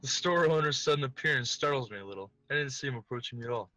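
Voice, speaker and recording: Bright-voiced man reading a game aloud. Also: mid-range voice, very fast, no room sound, low-quality recording. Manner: giggly, reads narration in a casual tone. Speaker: let's-play host. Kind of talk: reading a visual novel aloud with joking asides.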